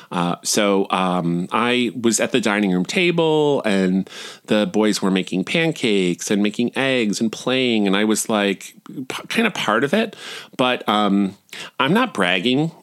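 A man's voice: on the low side, unhurried. A middle-aged man hosting a podcast, telling rambling, self-deprecating stories in a casual monologue. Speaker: podcast host.

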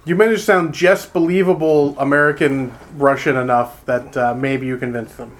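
A man's voice: mid-range voice, fairly even intonation, moderate pace, slight background noise. A man running a tabletop role-playing game as game master, explaining rules and joking with the players.

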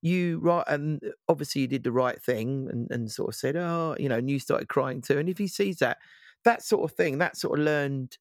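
A man's voice: fairly high pitch, moderate pace, no room sound, studio quality. A man in casual podcast chat, talking reflectively and hesitantly. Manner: reflective, hesitant, many restarts. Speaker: podcast co-host.

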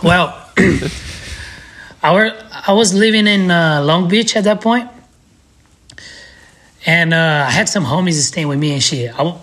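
A man with a Brazilian accent, a skateboarder guest telling a story in a casual, animated, slangy way with frequent laughter. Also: high-pitched, measured pace, pauses often.

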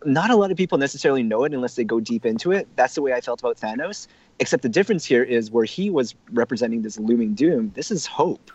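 A man's voice: medium pitch, expressive, darkish tone, no room sound. Casual man, dull lo-fi mic. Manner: rambling, self-mocking, quick to agree. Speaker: podcast co-host. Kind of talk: casual chat.

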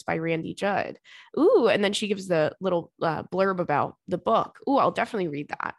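A woman's voice: normal speed, no room sound, clean studio sound. A young woman hosting a podcast, chatting casually and reading listener letters, acting out quotes with big leaps in her voice. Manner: animated, acts out quotes with big jumps in pitch. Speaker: podcast host.

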